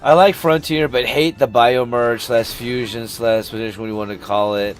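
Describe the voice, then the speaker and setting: A man's voice: mid-range voice, steady tone, normal speed. Profane ranting man on a game stream. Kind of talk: casual live-stream chat.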